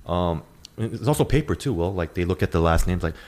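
A man's voice: low voice, lively intonation, darkish tone, slight background noise. A man in a casual group discussion, chatty and full of fillers. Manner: quick, chatty, lots of "like".

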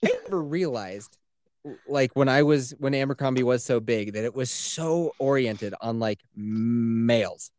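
A man co-hosting a casual podcast, talking in a profane, animated way and laughing often. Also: mid-range voice, unhurried, smooth. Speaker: podcast co-host.

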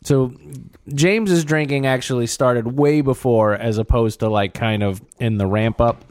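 A man's voice: medium pitch, fairly even intonation, unhurried, a little mellow, dry recording. A man co-hosting a sports podcast, wry and teasing in casual chat, with bursts of exasperation. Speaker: podcast co-host.

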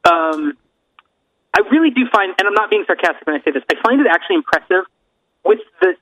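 A man's voice: sits high, narrow, tinny audio. A man co-hosting a casual podcast chat, talking with rambling enthusiasm. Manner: enthusiastic, rambling, says dude a lot. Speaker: podcast co-host.

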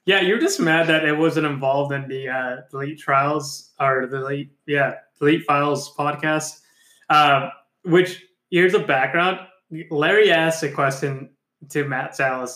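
A man's voice: mid-range voice, fairly bright tone. A man co-hosting a casual podcast chat, teasing his co-host and telling stories with casual swearing. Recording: echoey room sound.

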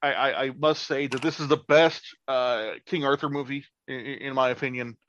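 A man co-hosting a podcast in casual chat, halting and crude in a blunt way. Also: medium pitch, steady tone, fairly bright tone, muffled recording, a little hiss or hum. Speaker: podcast co-host.

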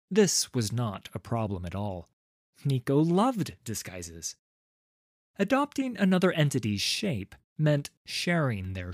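A man reading a fantasy story aloud as narrator, in a lively, unhurried way. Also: medium pitch, no room sound, clean studio sound.

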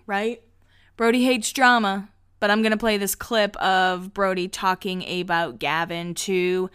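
Chatty woman with a smooth voice. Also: medium pitch, fairly bright tone. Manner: chatty, heavy use of 'like', laughs often. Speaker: podcast host. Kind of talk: casual episode recap.

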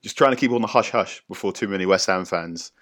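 A man's voice: sits low, fast, fairly bright tone. A man guesting on a football podcast, a writer telling rambling anecdotes with lots of hesitant fillers and frequent laughter. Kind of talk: casual storytelling.

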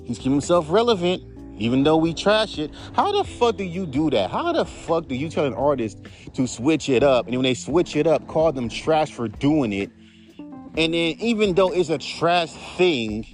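A rapper rants on his podcast, heated and profane. His voice sits a bit high and jumps around a lot. Faint music plays underneath. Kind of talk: casual rant.

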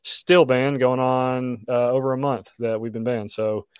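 A laid-back male podcast host with a smooth, resonant voice, easing through channel plugs with plenty of "uh"s and "um"s. His voice sits at an everyday middle pitch, and the close mic sounds dry with no room around it. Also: a little slow, no echo. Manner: relaxed, plugs channels with filler words. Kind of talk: casual chat.

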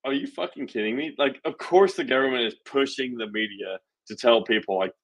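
A young adult man hosting a podcast, telling stories in an animated, indignant way. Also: medium pitch, a little fast, poor audio. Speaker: podcast host. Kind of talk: casual political chat.

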